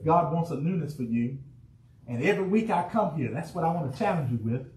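A fervent pastor preaches in a high, ringing voice, throwing refrains back and forth with his congregation. The sound is roomy and a little distant, with a faint hum of church ambience behind him. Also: a little fast. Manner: preacherly call-and-response, rising excitement, shouted refrains. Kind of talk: sermon. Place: church sanctuary.

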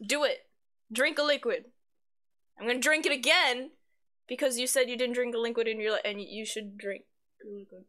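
A woman's voice: on the high side, fairly even intonation, moderate pace, long pauses, bright, forceful tone. A woman live streamer in casual chat, reading her chat aloud, swearing freely and giggling often. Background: faint background music.

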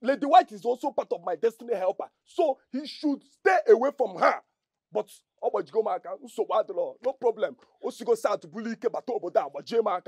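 A man's voice: sits high, darkish tone, husky, no echo, studio quality, exaggerated voice. An actor playing a stubborn young Nigerian man who argues back at his mother, with an Igbo Nigerian accent and an insistent, defensive way of talking. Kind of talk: Nollywood film acting.

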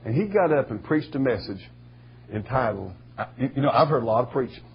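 A man preaching a sermon in a folksy storytelling way, with a husky voice. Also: medium pitch, animated, a little fast, dull audio, a little hiss or hum. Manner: folksy storytelling, rising to shouting bursts. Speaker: pastor.

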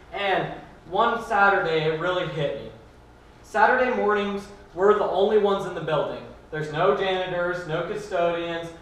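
A man's voice: high-pitched, fairly bright tone. A young man giving a youth sermon as a student preacher, telling a personal story in an earnest way. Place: church hall. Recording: echoey room from far off.

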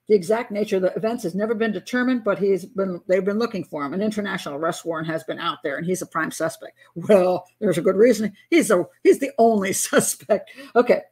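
An older woman hosts a live stream and talks in a loose, chatty way. She rambles, restarts often and laughs lightly as she goes. Her voice sits at a medium pitch. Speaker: host of a crime profiling live show. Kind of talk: casual live-stream talk.

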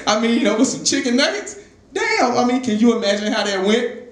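A man's voice: very high-pitched, big pitch swings, normal speed, a crowd in the background. A young man telling a loose, profane stand-up story at an open mic in a jazz club. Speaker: stand-up comedian. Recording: roomy club with faint ambience.

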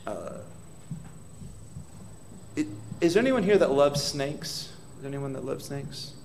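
A pastor in a church hall delivers a dramatic sermon in a fairly high, creaky voice that is animated and a little slow, over a slight hiss or hum. His prayers rise in intensity, and he questions the congregation directly.

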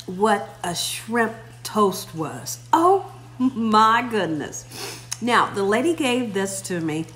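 A woman hosts her own vlog, chatting effusively and speaking directly to her viewers in a casual way. Her voice is medium-pitched and a bit bright.

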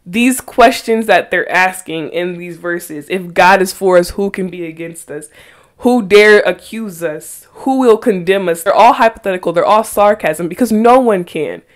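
Earnest woman teaching scripture, lowish voice. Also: moderate pace. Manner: earnest, reads scripture aloud, emphatic rhetorical questions. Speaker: podcast host. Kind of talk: faith podcast Bible teaching.

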